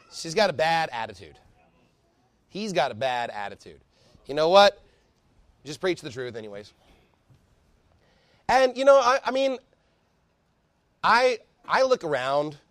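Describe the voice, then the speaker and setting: High-voiced fervent male preacher. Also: very animated, no room sound. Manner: fervent preaching, rising to shouts; reads scripture aloud quickly. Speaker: pastor. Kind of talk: sermon.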